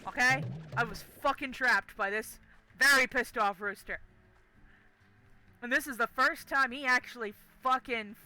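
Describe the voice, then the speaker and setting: A woman's voice: fairly high pitch, sharp tone. A woman streamer telling a story in a casual, profane, emphatic way, often checking in with "okay?". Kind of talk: casual solo storytelling during a game stream.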